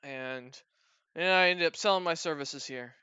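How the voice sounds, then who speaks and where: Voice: mid-range voice, moderate pace, pushed and bright, clear, resonant tone, dry recording, dull audio, natural voice. A game master voicing a boastful, cowardly male goblin mercenary who rambles on about his own exploits. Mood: bragging. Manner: rambling, bragging, nervous pleading.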